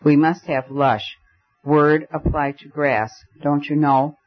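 A man's voice: fairly high pitch, steady tone, takes it slowly. A man voicing a witty, playful young man who banters and jokes whimsically. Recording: dull lo-fi recording.

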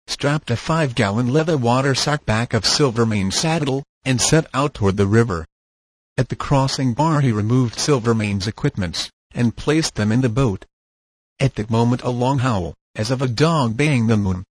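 A man narrating an audiobook in a steady, measured reading voice. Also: mid-range voice, husky, dry recording.

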